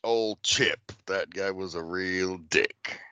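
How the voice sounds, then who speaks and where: A man's voice: deep voice, slow, pushed and bright, clean tone. A man hosting a movie podcast, running through the cast and credits in a laid-back, profane casual chat. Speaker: podcast host.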